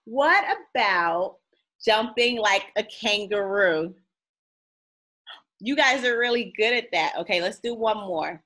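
A woman's voice: medium pitch, expressive, slow pace, a bit bright. A woman teacher reading a picture book aloud to young children, playful and sing-song, drawing out the sound words and asking them questions.

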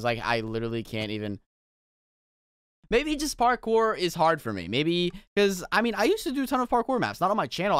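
A young man commentating his own gameplay, swinging between exaggerated frustrated shouts and low muttering. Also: clean tone, no room sound, clean studio sound. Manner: exaggerated rage, yelps and shouts. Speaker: gaming YouTuber.

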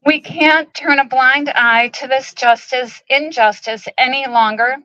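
A woman, the president of an animal rights group, gives an emotional, halting speech at an outdoor protest, with many ums. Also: high-pitched, fairly even intonation, pushed and bright, no room sound, lo-fi sound.

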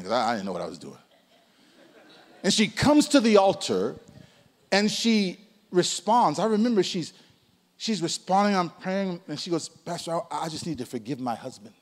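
A man in his sixties preaches in a church sanctuary. His fairly high voice moves constantly, rising into loud calls and dropping to near whispers. The sound rings with long reverb from the hall. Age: 60s. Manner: lively preaching, swinging from loud calls to hushed asides. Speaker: pastor. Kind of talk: sermon.

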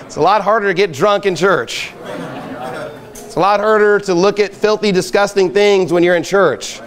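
A man preaching a sermon as pastor, with a high voice for a man. He presses his points hard and rises to loud calls at his listeners. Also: normal speed. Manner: emphatic, rising to loud exhortation. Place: outdoor campsite gathering.

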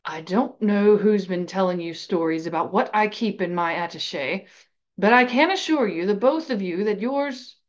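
A woman's voice: mid-range voice, natural voice. A woman voicing a cold, menacing wizard professor. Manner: slow, quiet, deliberate threats. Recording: slightly dull lo-fi recording.

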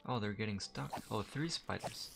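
A man's voice: fairly low pitch, moderate pace, gravelly, over music. A man giving casual, chatty let's-play commentary while he games, joking at himself and swearing when startled. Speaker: gamer. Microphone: desk mic, gamer wearing headphones.

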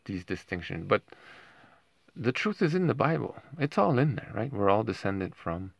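A man's voice: lowish voice, creaky, no room sound. A man talking in a rambling monologue at home, often tagging his points with a questioning aside. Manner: rambling, keeps asking "right?". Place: home with dogs nearby.

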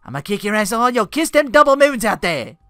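Rowdy Aussie-tomboy thief, voiced by a woman, shouty and cussing, high bright voice. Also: big pitch swings, brisk, no echo, studio quality. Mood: combative. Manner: loud, brawling, cussing.

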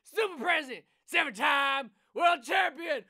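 Cast: man playing loud crude president, high, gravelly, wildly bouncing pitch. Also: big pitch swings, moderate pace, heavily acted. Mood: boastful shouting. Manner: boastful, crude, shouting rants with laughing breaks. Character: brash loudmouth man playing a cyclist president. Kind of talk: improvised voice acting for a cartoon.

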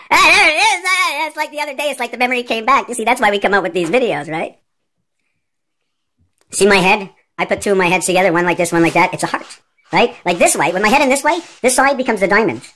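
A woman vlogger rambling excitedly through a numerology monologue, peppered with "like" and "okay?" and swinging her pitch up and down. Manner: wide jumps in pitch within a sentence.

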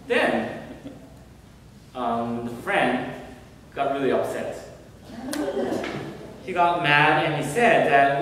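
A male reverend telling a story in a sermon, gentle and unhurried with many pauses. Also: on the high side, lively intonation, a little hiss or hum. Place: temple hall. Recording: echoey hall from far off.

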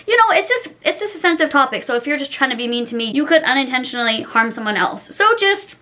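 A woman's voice: sits high, sing-song, quick pace, pushed and bright. A young woman in her twenties chatting casually through a clothing try-on haul, bubbly and giggly, rambling with lots of "like" and "um". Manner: bubbly, giggly, rambling with many likes and ums. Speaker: fashion vlogger.

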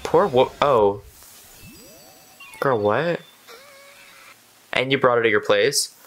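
A man's voice: mid-range voice, slow, fairly bright tone, soft background music, poor audio. A man hosting a reaction video, chatting casually and exclaiming at what he watches.

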